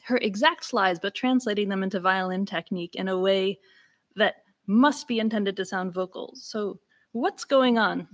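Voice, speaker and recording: A woman giving an academic lecture-recital, talking casually with restarts and breaking into sliding, exaggerated inflections to demonstrate old speech styles. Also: mid-range voice. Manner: demonstrates speech inflections with sung-like slides and exclamations; conversational, with restarts. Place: lecture room.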